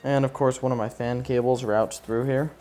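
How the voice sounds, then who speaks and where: A man's voice: medium pitch, fairly even intonation, normal speed, dark tone, soft background music. A man vlogging his PC build in a casual, profane and sarcastic way, ranting in frustration as he works. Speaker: tech YouTuber.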